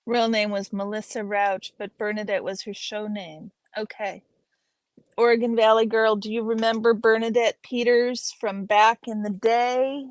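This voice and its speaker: A woman's voice: a little high, steady tone, unhurried, dry recording, low-quality recording. A woman hosting a live stream, reading an academic paper aloud and breaking off to chat with her viewers. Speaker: livestream host reading aloud.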